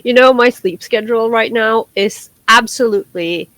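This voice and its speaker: Chatty woman with a high voice. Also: normal speed, a bit bright, no echo. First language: Norwegian. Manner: chatty, laughs readily, rambling restarts. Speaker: podcast co-host. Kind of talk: casual chat.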